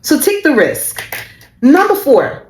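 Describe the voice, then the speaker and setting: A woman's voice: high-pitched, wildly swooping pitch, slow, darkish tone, reverberant. A woman giving a motivational Christian talk as a business coach, emphatic and repeating phrases for stress, often laughing mid-sentence. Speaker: faith-based business coach.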